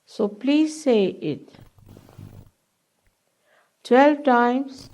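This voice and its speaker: An older woman leading a guided meditation at a public program, giving slow, deliberate instructions with long pauses. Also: on the high side, animated, darkish tone, dull audio. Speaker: meditation teacher. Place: public hall.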